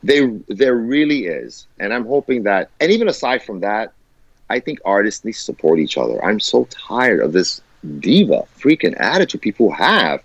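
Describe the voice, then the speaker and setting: Fired-up man, swooping expressive voice. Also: medium pitch, normal speed, no room sound. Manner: passionate, emphatic and profane. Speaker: guest musician. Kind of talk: candid podcast conversation. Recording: dull lo-fi dry sound.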